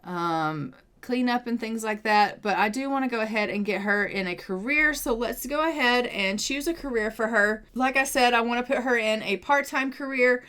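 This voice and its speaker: A young woman casually narrating a life-sim game, chatty and gushing, thinking out loud as she plays. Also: on the high side, normal speed, few pauses, clear, resonant tone. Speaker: gaming video creator. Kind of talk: casual let's-play commentary.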